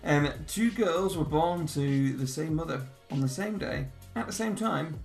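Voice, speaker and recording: A man's voice: on the high side, expressive, a little slow, creaky, soft background music. A man hosting a podcast, reading riddles in a teasing, giggly way that keeps slipping into laughter. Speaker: podcast host. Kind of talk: casual riddle chat.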